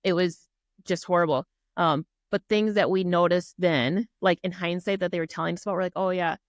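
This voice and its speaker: This podcast guest, a middle-aged woman from Minnesota, speaks a little fast in a lowish voice, recorded dry and at studio quality. She tells a personal story in earnest, performing what others said and using plenty of "like" and "um."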